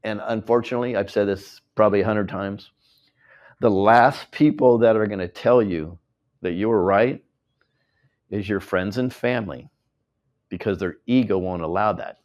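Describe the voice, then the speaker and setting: A man's voice: lowish voice, moderate pace, a little mellow, muffled recording. An American man speaking as host to a live audience at a tour event, emotional and rambling, often acting out other people's words. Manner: emotional, rambling, acts out quoted voices.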